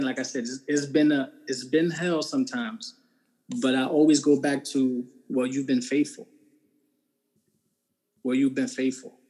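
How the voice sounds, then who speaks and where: This is a man from New Jersey sharing his faith testimony in an interview. He speaks at an ordinary middle pitch. His delivery is casual and earnest, with emphatic stresses and frequent "right?" check-ins. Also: darkish tone, husky, poor audio. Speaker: interview guest.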